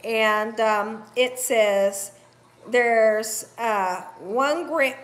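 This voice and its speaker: A woman's voice: a little high, very slow, a bit bright. A middle-aged woman hosts a cooking live stream. She chats casually, laughs often and talks straight to her viewers as "y'all". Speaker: cooking channel host reading viewer comments.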